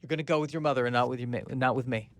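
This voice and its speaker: A man's voice: a little high, a little fast, bright, forceful tone, no room sound. A man playing a jealous, clingy romantic-comedy heroine who guilt-trips her partner. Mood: hurt, jealous. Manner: hurt, clingy, guilt-tripping. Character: jilted romantic-comedy woman, adult, jealous.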